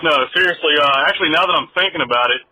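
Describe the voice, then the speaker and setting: A man's voice: on the high side, very fast, bright, forceful tone. A man from Virginia leaving a jokey, self-mocking voicemail for a podcast. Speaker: caller. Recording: muffled phone voicemail with faint noise.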